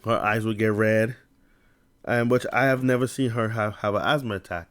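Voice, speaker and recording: A man's voice: on the low side, fairly even intonation, fairly bright tone. Man with a stutter and a lisp. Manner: halting, with frequent restarts and tongue-tied slips. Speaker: vlogger. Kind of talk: casual talk to camera, reading an article aloud.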